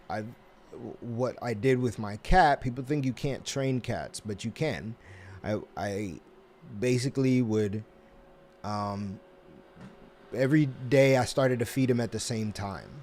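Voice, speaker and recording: A man hosting a casual self-help talk, rambling with many restarts and fillers, and acting out little scenes with quick put-on voices. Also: medium pitch, a little mellow, a little hiss or hum. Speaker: host.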